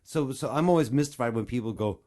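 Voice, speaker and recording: A man's voice: mid-range voice, fast talker, dark tone. A man, a voice actor guest, talking in a casual, earnest and rambling way with side digressions. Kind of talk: casual interview chat.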